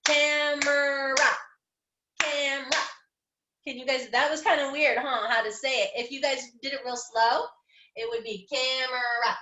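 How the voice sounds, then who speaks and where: A middle-aged woman teaching young children phonics online, upbeat and encouraging, slowly sounding out words. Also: fairly high pitch, very noisy. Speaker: kindergarten teacher. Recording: echoey room.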